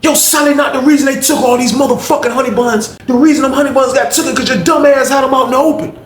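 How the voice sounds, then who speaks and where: A man's voice: extremely high pitch, expressive, very fast, slight background noise, voice pushed up. A man voicing a stern male prison sergeant who barks and scolds, in an echoey room. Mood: scolding. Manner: barking, scolding.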